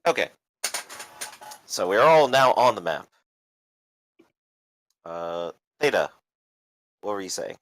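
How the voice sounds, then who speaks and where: A man's voice: lowish voice, animated, slow pace, pauses often, a bit bright, dry recording. A man running a tabletop game as game master, describing the scene with frequent "uh" fillers.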